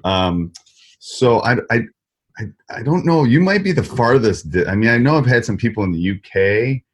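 A Wisconsin man from the US Midwest, with a Wisconsin accent, hosts a casual podcast interview on a desk mic, rambling with frequent restarts and repeated words. His voice is mid-range, slightly rough, with lively intonation and normal speed.

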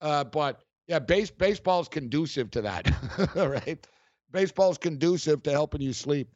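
A man's voice: fairly high pitch, animated, normal speed, a little mellow, no room sound, muffled recording. A middle-aged man hosting sports talk radio, telling stories in a loose, rambling way with frequent laughs. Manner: rambling, storytelling, laughs often.

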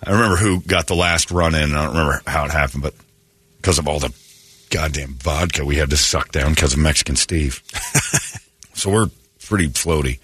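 A morning radio host tells stories in casual chat, acting out both sides of conversations, sharing blunt opinions, and swearing now and then. His voice is rumbling low and slightly rough, and he speaks briskly.

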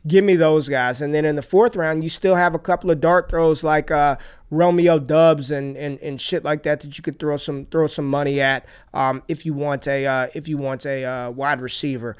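A man with a high, smooth, clear voice hosts a laid-back sports podcast. He talks loosely, repeats himself and swears casually, and he gets hyped when he reads out a sponsor. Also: steady tone, normal speed. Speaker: podcast host.

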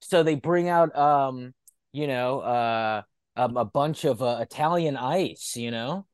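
A man co-hosting a casual comedic wrestling podcast, telling a joke scenario with animated storytelling and acting out quoted lines. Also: mid-range voice, slow, clean tone, dry recording, clean studio sound. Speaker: podcast co-host.

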